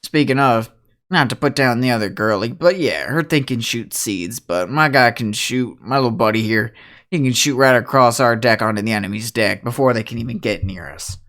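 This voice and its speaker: A man's voice: medium pitch, moderate pace, a bit bright. A man playing game master, voicing hired crewmen in a tabletop role-play with a laid-back, hesitant drawl.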